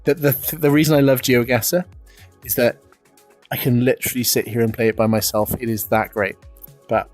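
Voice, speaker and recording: A man's voice: mid-range voice, steady tone, moderate pace, a little mellow, soft background music. A British man streaming live, chatty and self-deprecating, laughing often as he talks to viewers. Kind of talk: casual live-stream chat.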